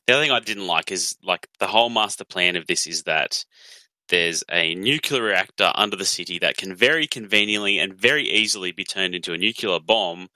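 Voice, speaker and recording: A man's voice: sits low, fairly quick, sharp tone, no echo. A man co-hosting a casual film chat, dry and understated as he picks at plot points. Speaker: podcast co-host.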